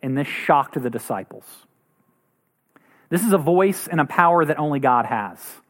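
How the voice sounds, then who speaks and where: A man's voice: expressive, a little slow, a bit bright. A man preaching a sermon as pastor, earnest, acting out quoted voices now and then. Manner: earnest, acts out quoted voices with rising pitch.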